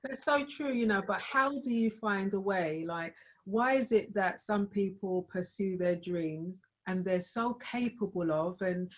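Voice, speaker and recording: A woman's voice: medium pitch, measured pace. Thoughtful woman host asking open questions. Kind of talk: casual interview chat.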